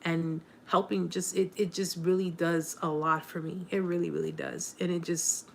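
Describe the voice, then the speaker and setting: A woman hosting a casual live chat with viewers, warm and encouraging, rambling with many fillers and restarts, openly emotional. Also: lowish voice, level tone, normal speed, vocal fry, slight background noise.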